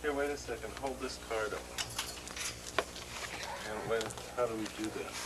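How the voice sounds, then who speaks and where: A man filming a home video of a house, prompting the person on camera with quiet, offhand remarks from behind the camera. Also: fairly low pitch, normal speed. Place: inside and around a family house. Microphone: built-in camcorder mic. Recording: loud hiss on old home video tape, voice off-mic.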